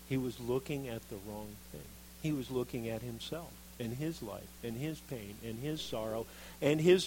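A man preaching a sermon, reading scripture and acting out the quoted speakers with lively expression. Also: mid-range voice, slight background noise, poor audio. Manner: animated, acts out quoted voices of Jeremiah and God.

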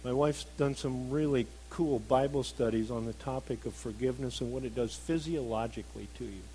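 A middle-aged man preaching a sermon, earnest, moving between emphatic stresses and soft, reflective passages. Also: medium pitch, fairly quick, a little hiss or hum, poor audio.

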